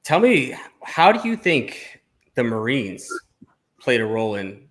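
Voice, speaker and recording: A man's voice: mid-range voice, big pitch swings, unhurried, a bit bright. A man hosting a casual podcast conversation, blunt, sarcastic and profane. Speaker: podcast host.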